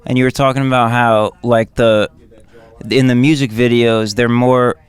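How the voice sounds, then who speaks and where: A man's voice: mid-range voice, level tone, normal speed, clean tone. A man hosting a casual podcast interview, asking questions with many restarts and repeating his guest's words back. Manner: hesitant, restarts often, echoes guest's words. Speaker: podcast host.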